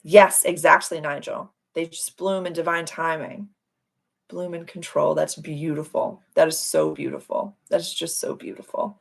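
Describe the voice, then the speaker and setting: A woman's voice: lowish voice, steady tone, measured pace, gravelly. Gushing woman hosting an astrology livestream. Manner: effusive, gushing, repeats phrases. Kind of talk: casual live-stream chat.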